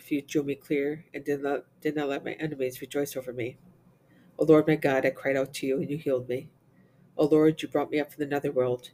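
A man reciting the Divine Office, reading psalms and lessons in English with Latin responses, in a steady, even recitation. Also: medium pitch, slight background noise. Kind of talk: reciting liturgical prayer and psalms.

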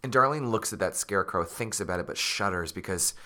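A man with a fairly low, bright-edged voice, co-hosting a casual podcast. He retells a spooky kids' story, tossing in crude jokes and wisecracks along the way. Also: quick pace. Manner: joking, crude asides and wisecracks. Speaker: podcast co-host. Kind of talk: casual chat.

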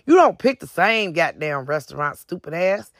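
Gravelly, profane storyteller. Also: medium pitch, normal speed, no room sound, studio quality. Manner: profane, animated, lots of acted quotes. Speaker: podcast host and author. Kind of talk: casual storytelling monologue.

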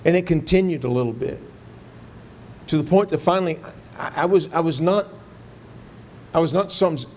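A man preaching a sermon in a fairly high voice, telling his story earnestly and pushing up into fervent pleading as he recalls his prayers. A faint low rumble sits under the recording. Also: moderate pace. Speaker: pastor.

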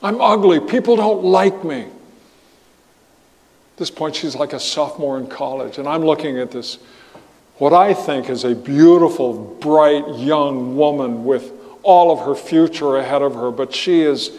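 A man preaching as a pastor, earnest and halting, often restarting his phrases. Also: medium pitch, a little mellow, long reverb tail. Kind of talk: sermon.

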